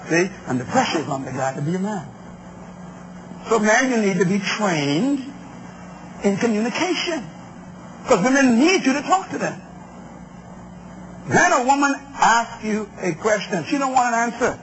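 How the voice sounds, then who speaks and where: High-voiced emphatic preacher. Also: male voice, very animated, moderate pace, pauses often, background noise. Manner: emphatic, call-and-response with the crowd. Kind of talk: sermon on relationships.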